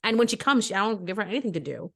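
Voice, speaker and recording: A woman co-hosting a casual podcast. She is a mother and talks bluntly, giving animated opinions and telling stories. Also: mid-range voice, rapid-fire. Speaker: podcast co-host. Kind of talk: casual chat.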